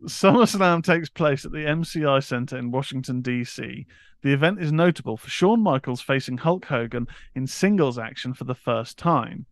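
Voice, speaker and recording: A laid-back British man co-hosting a casual wrestling podcast, at a middle pitch. He reads out history segments and laughs easily at his co-host. The mic is close, with a dry sound. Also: animated, moderate pace, no room sound.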